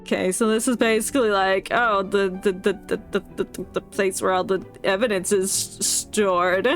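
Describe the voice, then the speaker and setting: A woman's voice: medium pitch, little pitch movement, moderate pace, faint music behind. A woman streamer who reads game text aloud in a playful, joking way, laughing and stumbling over words.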